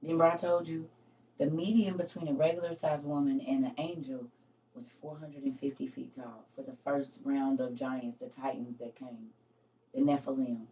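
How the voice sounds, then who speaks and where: A woman's voice: a bass voice, fairly even intonation, moderate pace, dark tone, far from the mic. A woman hosting a live stream, casually reading scripture aloud and talking it over with her viewers, laughing at her own slips.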